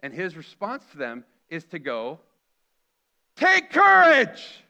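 A man's voice: fairly high pitch, lively intonation, normal speed, a bit bright, dull audio. A middle-aged man preaching a sermon earnestly, acting out the quoted lines with feeling. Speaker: pastor.

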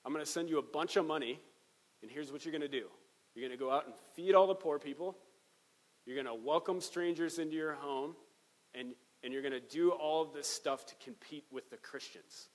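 A man's voice: fairly high pitch, natural voice, rough recording. A man putting on a panicky blustering emperor. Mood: alarmed. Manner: fast, loud, slangy paraphrase. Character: alarmed ancient male emperor, blustering and panicky.

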